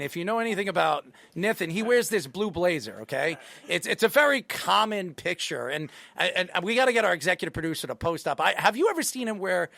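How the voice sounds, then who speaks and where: Gravelly high-pitched man hosting a talk show. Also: fairly bright tone, dry recording. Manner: teasing, playful banter. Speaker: show host. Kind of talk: casual sports talk interview.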